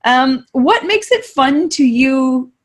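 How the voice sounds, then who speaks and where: A woman with a slightly high voice asks questions as an author and interviewer. Her manner is friendly and conversational, with casual fillers and easy follow-ups. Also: lively intonation, slow.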